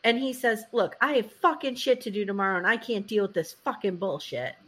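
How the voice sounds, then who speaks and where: A woman's voice: medium pitch, a little fast. A woman co-hosting a podcast, recapping a reality show in a casual chat and acting out the quotes with lots of "like". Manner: animated storytelling, acting out quotes, frequent "like".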